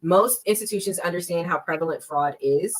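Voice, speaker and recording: A woman's voice: fairly low pitch, low-quality recording. A woman in her thirties, a guest expert on a podcast, explaining fraud warning signs in an emphatic, conversational way. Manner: emphatic, acts out scam calls in quick bursts.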